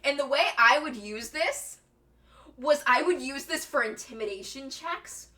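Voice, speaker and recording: High bright-voiced young woman streamer. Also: unhurried, recorded from a distance. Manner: animated, giggly, acts out quotes. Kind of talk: casual storytelling chat.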